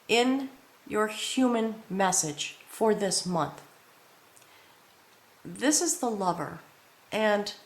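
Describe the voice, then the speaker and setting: A woman giving a spiritual tarot reading to camera in an earnest manner, often checking in with the viewer. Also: on the high side. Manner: earnest, addresses the viewer with frequent "okay?". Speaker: tarot reader. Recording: roomy echo.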